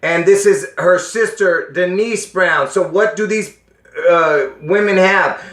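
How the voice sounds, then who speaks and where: A man's voice: high-pitched, slow pace, fairly bright tone. A man talking casually to his viewers in an insistent way, often asking if they understand, with a strained, coughing voice. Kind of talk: casual monologue addressing viewers. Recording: echoey room.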